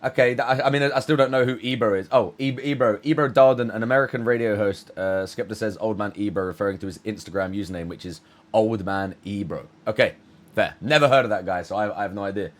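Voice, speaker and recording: A man's voice: lowish voice, fast talker. A man from the UK hosting a reaction video, chatting casually and hesitantly with many restarts. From United Kingdom. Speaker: reaction channel host.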